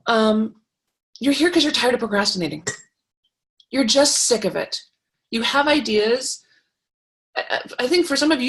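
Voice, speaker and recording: A middle-aged woman teaching a creativity workshop, talking in an encouraging, chatty way with fillers and restarts. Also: on the high side. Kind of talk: live online workshop talk.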